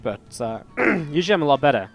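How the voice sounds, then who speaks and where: A man's voice: mid-range voice, animated, fast. Chatty male esports caster with a strained voice. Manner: chatty, rambling, talks to viewers directly. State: slightly strained voice. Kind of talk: live play-by-play game commentary.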